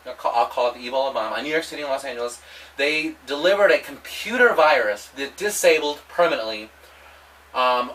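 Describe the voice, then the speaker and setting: A man delivering a rambling, provocative monologue, halting often and restarting his sentences. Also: a little high, fairly bright tone, far from the mic, rough recording. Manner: halting, with many restarts and repetitions. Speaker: vlogger.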